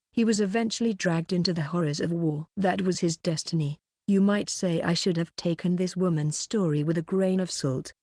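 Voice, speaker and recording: A woman narrating a novel in first person as an audiobook reader, measured and even, recorded close to the mic. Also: fairly low pitch, dry recording.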